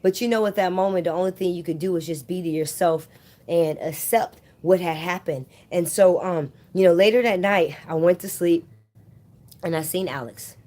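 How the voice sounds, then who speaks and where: A woman's voice: on the low side, moderate pace, darkish tone. A woman vlogger casually telling a personal story straight to her viewers, chatty and often calling them "you guys".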